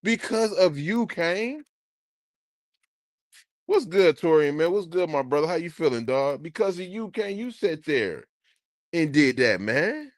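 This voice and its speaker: A man streaming, ranting casually to his live chat in an animated, profane way. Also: on the high side, unhurried, pauses often, no echo, studio quality.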